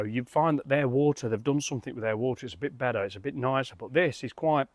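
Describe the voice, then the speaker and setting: Man, casual beer reviewer, rambling, mid pitch, dry close recording. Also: no room sound. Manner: rambling, many fillers and restarts.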